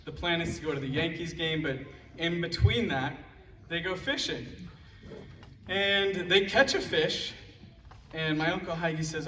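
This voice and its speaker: A man's voice: a little high, measured pace, bright, forceful tone. A young man giving a roast speech about his father at a live event, telling jokes and stories and laughing along with the audience. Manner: joking storytelling, laughing at his own lines. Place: large hall at a live event. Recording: echoey hall from far off, noisy.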